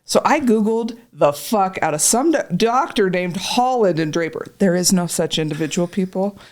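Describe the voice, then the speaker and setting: A woman speaking at a normal pace in a mid-range voice tells a long story as a podcast guest who is also a patient. The chat is casual, and she curses freely and performs the quoted lines of the people involved.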